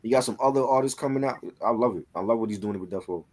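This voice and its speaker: Husky man, agreeable co-host. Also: medium pitch, very fast. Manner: agreeable, frequent affirmations, relaxed opinions. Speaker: podcast co-host. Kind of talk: casual chat.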